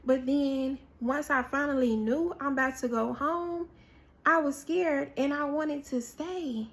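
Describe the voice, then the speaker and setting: A woman preaching a prophetic word in sermon style. She tells an animated story, acts out what people said, and repeats key phrases for emphasis. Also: high-pitched, measured pace. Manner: animated storytelling with acted-out quotes, repetition for emphasis.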